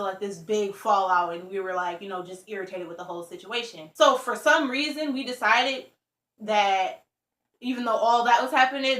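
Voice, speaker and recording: Young woman vlogger, chatty storyteller, bright edge, echoey room sound. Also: medium pitch. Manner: chatty, lots of "like" and "you know". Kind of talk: casual storytime. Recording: roomy echo.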